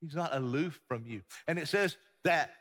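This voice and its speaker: A pastor giving a sermon, swinging between loud emphatic passages and hushed ones. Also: male voice, on the high side, normal speed. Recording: long hall reverb.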